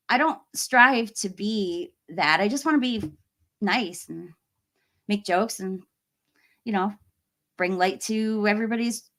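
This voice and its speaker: A woman's voice: mid-range voice, fairly bright tone. A woman hosting a casual livestream, chatting with viewers and reading their comments, friendly and full of fillers and small laughs. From United States. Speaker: livestream host.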